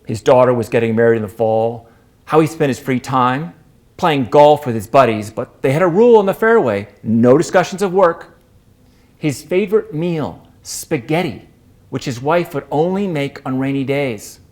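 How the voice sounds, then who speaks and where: A man performing a staged storytelling monologue as a performance artist, expressive, with wide swings in pitch and pace. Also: moderate pace. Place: performance space.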